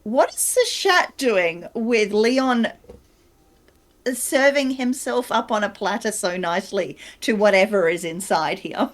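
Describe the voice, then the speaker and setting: A woman narrating a tabletop horror game as storyteller, unhurried and often pausing with fillers as she searches for words. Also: mid-range voice, expressive.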